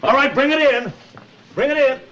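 An actor playing a jovial middle-aged neighbor in a 1950s sitcom, loud and lively. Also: male voice, a little high, quick pace, dull audio, heavy background noise. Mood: proud.

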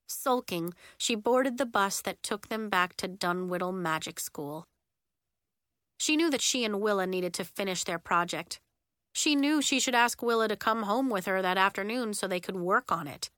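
A woman narrating a children's chapter book in a clear, even storytelling manner. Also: medium pitch, normal speed, no echo, studio quality. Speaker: audiobook narrator.

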